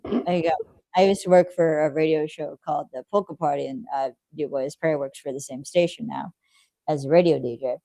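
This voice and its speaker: A woman chatting casually about a TV episode, relaxed and rambling, swearing freely. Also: low-pitched, brisk, dry recording, poor audio. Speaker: co-host. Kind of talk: casual chat reacting to a TV episode.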